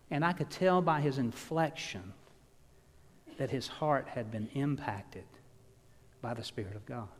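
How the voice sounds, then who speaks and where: A man delivering a sermon, telling stories and swinging from loud emphasis down to hushed words. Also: mid-range voice, measured pace, long pauses. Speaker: pastor. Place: church. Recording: long reverb of a church hall.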